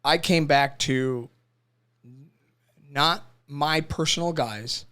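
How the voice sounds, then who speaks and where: A young man on a podcast talking haltingly and often repeating his words, with his voice trailing off at times. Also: fairly high pitch, sharp tone, clear, resonant tone. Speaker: podcast co-host, veteran. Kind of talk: casual conversation.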